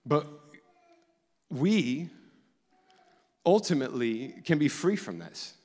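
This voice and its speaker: A man's voice: fairly high pitch, expressive, takes it slowly, a little mellow. A man pastor preaching a sermon in a casual, storytelling way with many restarts. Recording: long echo of a church hall.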